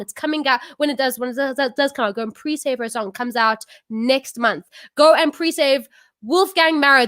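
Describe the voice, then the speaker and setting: A bubbly South African woman hosts an online music show over a video call, gushing with praise and laughing easily. Her voice sits high and is recorded close and dry, with no room around it. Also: fairly bright tone, dry recording. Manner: bubbly and effusive, laughs often. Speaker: host.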